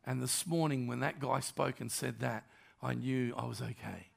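An older man, a pastor telling stories in a sermon and acting out the dialogue, dropping to softer tones. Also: mid-range voice, normal speed, gravelly. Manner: animated storyteller, acts out dialogue, drops to soft tones. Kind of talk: storytelling sermon.

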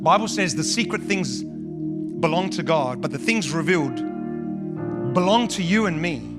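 High-voiced male pastor preaching over music. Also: animated, unhurried. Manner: emphatic, repetitive preaching. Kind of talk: sermon. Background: instrumental music.

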